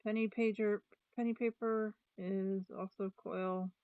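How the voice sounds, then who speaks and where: A woman's voice: medium pitch, steady tone, a little slow, clean tone, no room sound, phone-quality sound. A woman vlogger chatting casually about planners, thinking aloud with restarts and trailing sentences. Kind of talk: casual chat.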